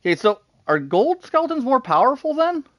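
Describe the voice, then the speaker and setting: A man giving live commentary while he plays a game, excitable, talking to himself and laughing often. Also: very high-pitched, fairly quick, no room sound. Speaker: gaming streamer.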